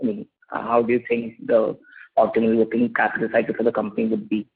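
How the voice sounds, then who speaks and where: Analyst on a conference call: man, Indian English, husky, methodical, tinny phone audio. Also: lowish voice, monotone, fast talker. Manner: polite, methodical questioning. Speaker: analyst asking questions. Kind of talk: earnings call questions.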